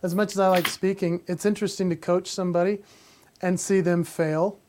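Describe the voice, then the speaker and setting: A man co-hosting a podcast, telling a personal story in a lively way and slowing down for reflective points. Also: a little hiss or hum. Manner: animated, acts out quoted voices and drops low and slow for reflective points. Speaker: podcast co-host and coach. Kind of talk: conversational storytelling.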